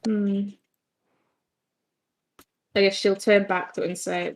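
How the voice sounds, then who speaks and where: A woman's voice: medium pitch, little pitch movement, takes it slowly, long pauses. A woman playing a tabletop game, chatting casually and describing what her character does. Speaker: player.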